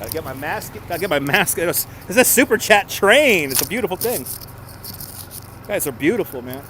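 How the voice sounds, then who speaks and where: This upbeat nighttime walking-tour livestreamer roams city streets, thanking his viewers for donations while filming on a gimbal-mounted phone. His expressive voice runs on the high side at normal speed, over background noise.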